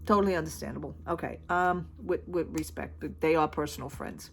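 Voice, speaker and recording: A woman's voice: deep voice, brisk, gravelly, a little hiss or hum. A woman vlogger in a casual storytelling chat, blunt and down-to-earth, retelling a conversation line by line. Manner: chatty, retells conversations with constant "she says".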